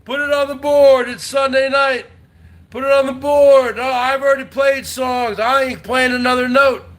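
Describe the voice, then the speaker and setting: A man from North Jersey with a New Jersey accent, hosting a livestream and ranting loudly at chat, taunting and swearing and repeating himself, with frequent high whooping shouts. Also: level tone, moderate pace, soft background music. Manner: loud, combative, profane, repetitive taunting. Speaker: livestream host. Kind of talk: rowdy livestream rant to chat.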